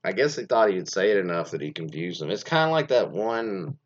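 Low-voiced male host, casual rambling chat, lots of fillers, lively pitch, dull lo-fi recording. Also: brisk. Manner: rambling, many fillers and restarts. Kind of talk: casual commentary on reader stories. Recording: dull lo-fi sound.

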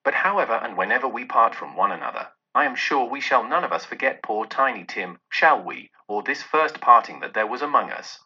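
A man reading Bob Cratchit, a gentle grieving father. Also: mid-range voice, expressive, fairly quick, hardly any pauses, husky, muffled recording, heavily acted.

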